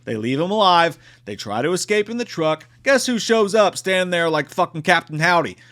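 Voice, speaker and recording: A male movie reviewer who talks with a slightly high voice that swings up and down. He swears freely and exclaims often in a casual, worked-up retelling. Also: brisk. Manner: profane, animated, exclamatory.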